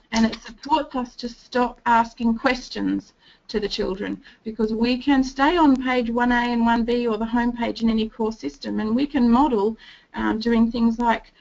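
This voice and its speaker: Woman presenter for a training talk, slightly raised pitch and a gravelly edge, on a dull lo-fi recording. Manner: explains steadily, acting out gentle sing-song phrases to a child.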